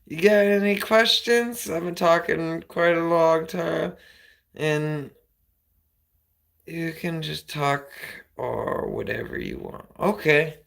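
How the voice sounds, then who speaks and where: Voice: mid-range voice, takes it slowly, creaky, a bit bright, rough recording. A livestreamer chatting casually to viewers, rambling and hesitant with many fillers. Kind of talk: casual chat.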